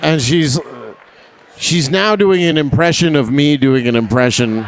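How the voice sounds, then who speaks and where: A man's voice: on the high side, unhurried, noisy background. A young man doing stand-up on a live stage, brash and profane, chatting with the crowd and laughing at his own jokes. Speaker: stand-up comedian.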